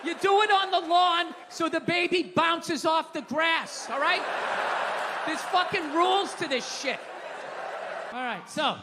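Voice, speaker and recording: High-pitched ranting man on a stage. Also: measured pace. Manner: ranting, profane, shouting punchlines. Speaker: stand-up comedian. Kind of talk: stand-up comedy set. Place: live comedy venue stage. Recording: reverberant live hall with crowd noise. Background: audience laughter.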